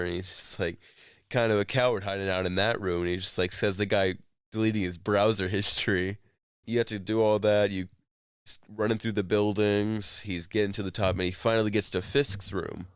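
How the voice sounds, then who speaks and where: A man's voice: deep voice, clean tone, no room sound, clean studio sound. A man co-hosting a podcast, recounting a video game scene in casual chat, rambling with many "like" fillers. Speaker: podcast co-host.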